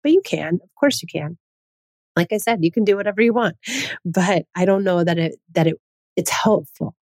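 A woman's voice: lowish voice, normal speed, a little mellow, no room sound. A woman hosting a parenting talk, earnest and full of rhetorical questions, often restarting her sentences. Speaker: parenting podcast host. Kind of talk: casual advice talk.

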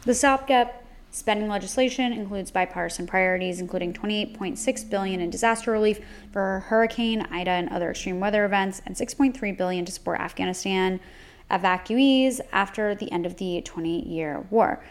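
A woman's voice: medium pitch, fairly quick. A young woman co-hosting a casual news podcast, chatty, adding jokey asides between the facts. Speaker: podcast co-host.

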